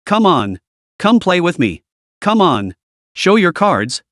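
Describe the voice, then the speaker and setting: Man voicing a boastful young guild master, excitable, gloating, lively pitch, dry sound. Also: slow pace, no room sound, exaggerated voice.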